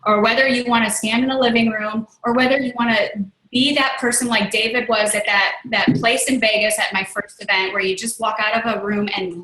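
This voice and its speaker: Earnest bright-voiced woman host. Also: a little high, fairly even intonation, brisk, echoey room, a little hiss or hum, poor audio. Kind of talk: motivational talk on a call.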